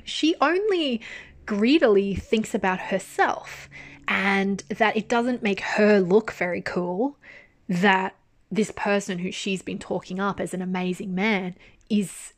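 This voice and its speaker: Woman drama reviewer, casual chat, frank and lively, drops swear words, mid-pitched voice. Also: slow. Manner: candid, animated, swears freely.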